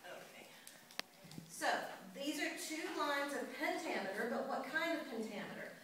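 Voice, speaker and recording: A woman's voice: sits high, animated, moderate pace. A woman teacher lecturing a class, chatty and often checking in with her students. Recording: echoey classroom from far off, hiss.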